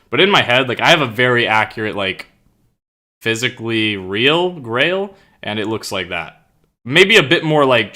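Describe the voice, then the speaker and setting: Bright-voiced young man rambling casually. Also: mid-range voice. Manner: rambling, filler-heavy, swears casually. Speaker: streamer. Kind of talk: casual chat with live chat. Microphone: own streaming mic.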